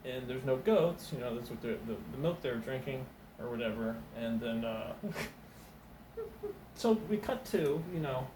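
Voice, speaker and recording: A man with a middle-pitched voice tells a wandering comic story, stalling on fillers and circling back on himself. He sounds a little distant from the mic, in a reverberant room. Steady noise runs underneath him throughout. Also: normal speed, hardly any pauses. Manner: meandering, many fillers and restarts, acts out quoted voices. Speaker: stand-up comedian.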